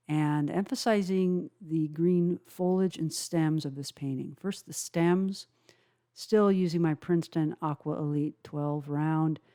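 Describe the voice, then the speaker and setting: A woman with a low, mellow voice talks through a watercolor tutorial at an unhurried pace. She explains each brushstroke step by step and often pauses with "uh" while she works. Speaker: watercolor instructor. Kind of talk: calm painting tutorial narration.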